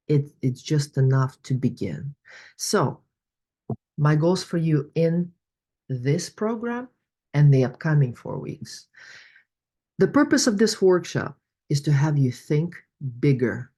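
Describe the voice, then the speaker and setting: Low-voiced woman coach. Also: animated, slow, long pauses, warm tone, breathy edge. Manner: storytelling, encouraging, with many fillers. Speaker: money coach. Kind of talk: online workshop presentation.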